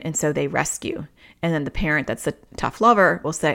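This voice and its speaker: A woman's voice: sits low, lively intonation, a little fast, gravelly, a bit bright. A woman hosting a parenting podcast, a therapist talking through everyday examples in a casual, conversational way. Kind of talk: casual solo podcast talk.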